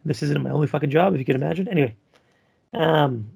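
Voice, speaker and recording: A man's voice: fairly high pitch, fast, vocal fry, darkish tone, husky, no echo, studio quality. A man co-hosting a casual podcast, rambling loosely through poll results with lots of ums and some swearing. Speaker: podcast co-host.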